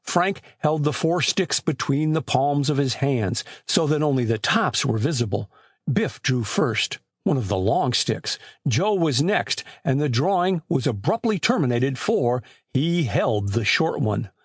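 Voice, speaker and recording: Husky guy reading an audiobook, lively delivery, super dry close mic. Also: mid-range voice, measured pace, no echo. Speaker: audiobook narrator. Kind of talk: scripted narration.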